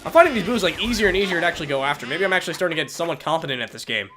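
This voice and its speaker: Excitable congested young man commentating gameplay. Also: fairly high pitch, rapid-fire, background noise. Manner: excitable, swears at enemies, jokey asides. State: congested from a cold. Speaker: let's play commentator.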